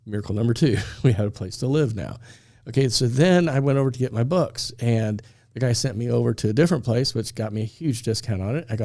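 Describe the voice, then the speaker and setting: A man's voice: medium pitch, lively intonation, fast talker, warm tone. A middle-aged man from Indiana telling a personal story in casual podcast talk, laughing often and acting out the dialogue.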